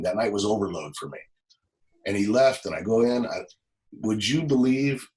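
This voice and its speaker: A man in his forties, a former police officer, telling a personal story as a podcast guest, halting and emotional, often repeating words. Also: on the low side, poor audio. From Los Angeles. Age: 40s.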